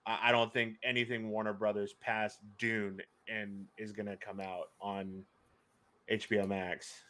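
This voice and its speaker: A man's voice: lowish voice, little pitch movement, a little slow, sharp tone. A man co-hosting a podcast, giving plain, matter-of-fact views in casual chat about movies. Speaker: podcast co-host.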